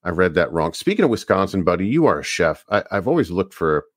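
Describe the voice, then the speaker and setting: A man from the Northeastern US co-hosting a podcast in casual chat, telling rambling, animated stories. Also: deep voice, fast, no echo, studio quality. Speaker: podcast co-host.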